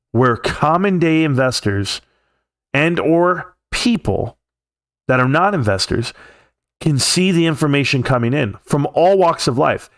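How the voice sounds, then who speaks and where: Streamer type, Californian man, heated profane rant, mid-pitched voice, dry close sound. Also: no echo. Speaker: livestream host. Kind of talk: casual ranting livestream.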